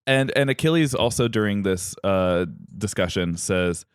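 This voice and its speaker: A man's voice: lowish voice, expressive, normal speed, few pauses, clear, resonant tone, no echo, clean studio sound. A man hosting a comedy podcast, retelling a myth in a rambling, joking way with many fillers. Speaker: podcast host, myth storyteller.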